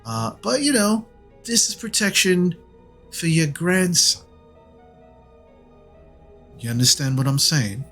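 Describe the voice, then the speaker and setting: A man's voice: a little high, very animated, takes it slowly, long pauses, pushed and bright, faint music behind, voice pushed up, exaggerated voice. A man voicing a corrupt male city guard who extorts coin with mock-polite threats. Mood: sneering.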